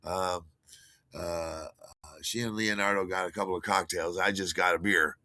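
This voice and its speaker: Brief: older male host, low voice with a sharp edge, rambling anecdotes. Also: fairly even intonation, normal speed, no room sound. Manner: rambling, many fillers and restarts, chuckles at own stories. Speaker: podcast host. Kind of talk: rambling personal storytelling.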